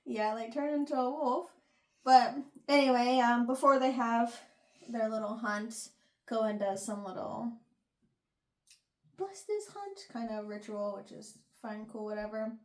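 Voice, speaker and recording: A woman's voice: a little high, unhurried. A young woman hosting a casual book review chat, giggling and acting out the characters' lines. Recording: echoey room.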